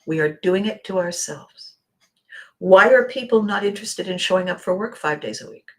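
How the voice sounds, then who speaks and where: Expressive woman, dramatic soft drops. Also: lowish voice, moderate pace. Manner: expressive, acts out scenes, drops to soft near-whisper. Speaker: podcast host. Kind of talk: motivational monologue.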